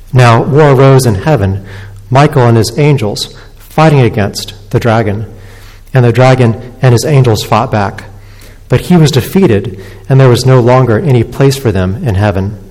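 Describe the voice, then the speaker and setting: A man preaching from the pulpit of a church sanctuary, reading scripture and praying in a measured, solemn cadence. His voice sits at an ordinary middle pitch. It carries a long, lingering reverb from the hall around him. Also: a little mellow. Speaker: pastor. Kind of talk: sermon with scripture reading and prayer.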